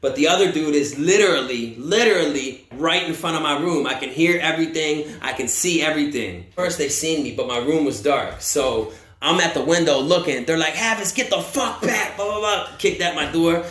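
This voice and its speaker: A man from the United States telling a story in a casual, profane, animated way, acting out what people said. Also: on the high side, normal speed. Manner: profane, animated, acts out quotes. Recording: roomy echo.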